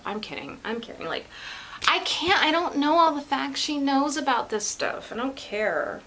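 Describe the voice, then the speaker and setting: A woman chatting casually in a vlog. She rambles, laughs easily and stays animated. Her voice is bright and clear. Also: sits high, moderate pace, a little hiss or hum, poor audio. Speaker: vlogger. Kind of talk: casual chat.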